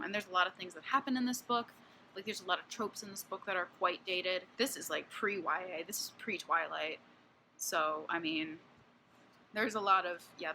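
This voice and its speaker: A woman's voice: medium pitch, sharp tone, slight background noise. A woman in her twenties giving a casual book review vlog, blunt and candid, swearing freely and peppering her talk with fillers. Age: 20s.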